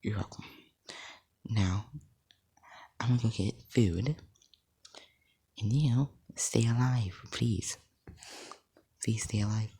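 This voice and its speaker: A man voicing a kind, caring adult superheroine, speaking in a soft, hesitant half-whisper. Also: lowish voice, slow pace, long pauses, slightly rough, pitched above the performer's own voice, full character voice.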